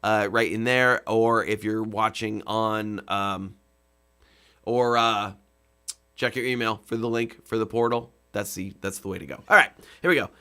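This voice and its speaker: A man casually chatting with viewers on his live stream, rambling with many fillers and breaking into comic songs in a rough voice. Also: lowish voice, steady tone, unhurried, bright, forceful tone. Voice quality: rough singing voice. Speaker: comedy musician hosting a live stream.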